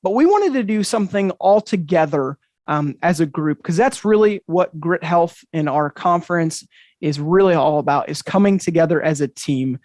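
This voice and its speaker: A man's voice: fairly high pitch, expressive, normal speed, a little mellow, dry recording, studio quality. A man hosting an interactive magic show over a video call, talking to the audience with upbeat, enthusiastic patter. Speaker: magician and host.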